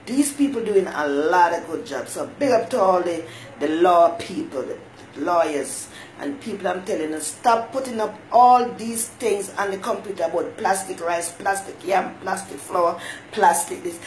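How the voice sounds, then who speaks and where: A woman's voice: lowish voice, expressive, normal speed, darkish tone, a little hiss or hum, low-quality recording. Woman hosting an advice live stream. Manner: folksy motherly advice, greets viewers by name. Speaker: talk show host. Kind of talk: casual live-stream monologue.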